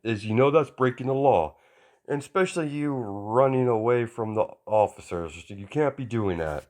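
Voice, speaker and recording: A man voicing a cheerful, loud male hero who scolds like a stern but friendly father, in an amateur fan story. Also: mid-range voice, animated, moderate pace, pitched above the performer's own voice, lightly acted. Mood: stern jovial.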